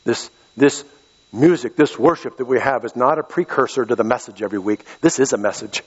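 A man's voice: mid-range voice, a little fast, slightly rough. A middle-aged man from western Pennsylvania preaching a sermon as pastor, impassioned and repeating key phrases. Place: church sanctuary. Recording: echoey hall, dull lo-fi sound.

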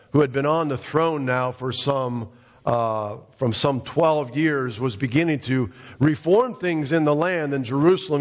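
Male pastor, relaxed storytelling sermon, mid pitch, muffled reverberant hall. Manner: conversational, storytelling preaching with restarts. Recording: dull, echoey hall recording.

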